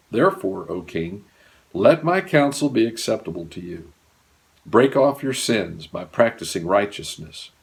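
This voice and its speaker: A male pastor preaching a sermon, earnestly, with wide swings from raised emphasis to hushed low lines. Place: church.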